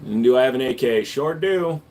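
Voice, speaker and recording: A man talking casually to his livestream chat, a mid-pitched everyday voice. He answers questions in a laid-back, joking way, with bursts of louder hype when he calls on viewers. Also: expressive, a little fast. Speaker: livestream host and gun store owner.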